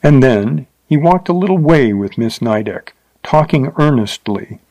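A male narrator reads an old Western story in a steady, measured way. His voice sits at a middle pitch for a man. The recording is close and dry, with no room sound. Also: dry recording, rough recording. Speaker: audiobook narrator. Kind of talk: scripted narration of a Western novel.

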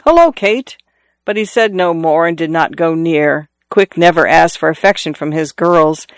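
Smooth-voiced male audiobook narrator. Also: a little high, fairly even intonation, normal speed, no echo.

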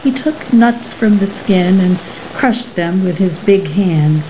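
Slow, mellow woman narrating. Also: mid-range voice. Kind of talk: scripted narration. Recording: slightly muffled with faint hiss.

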